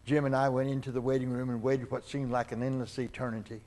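A man's voice: mid-range voice, little pitch movement, fast. Older male preacher telling a story. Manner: acts out dialogue in the story, with rises and falls in loudness. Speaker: pastor. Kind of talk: sermon storytelling. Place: church sanctuary.

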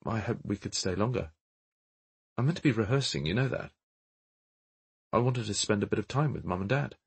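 A man reading the part of a nervous young English actress in an audiobook, quiet and hesitant. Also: fairly low pitch, expressive, brisk, vocal fry, slightly rough, full character voice. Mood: disappointed.

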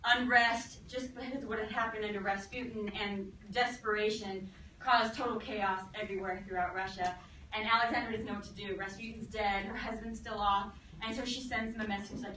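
A woman history teacher telling a lecture as a lively story, acting out quotes and laughing along. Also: medium pitch, fairly quick, slight background noise. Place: classroom. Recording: echoey classroom from far off.

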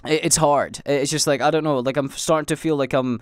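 A man's voice: on the high side, steady tone, quick pace, clear, resonant tone, dry recording, clean studio sound. A young Scottish man hosting his own podcast, rambling through a casual solo monologue full of fillers, restarts and swearing. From Scotland. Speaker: podcast host and livestreamer.

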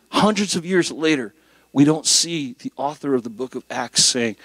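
Middle-aged male guest pastor, animated conversational preaching, dry close sound. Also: mid-range voice, moderate pace, dry recording. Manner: animated, conversational preaching with jokes and rising emphasis. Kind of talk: sermon.

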